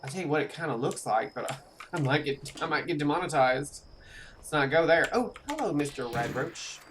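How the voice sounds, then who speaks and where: A streamer giving live gameplay commentary in a chatty way, speaking straight to viewers and reacting with animated outbursts. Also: mid-range voice, a little fast, slight background noise. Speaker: game streamer.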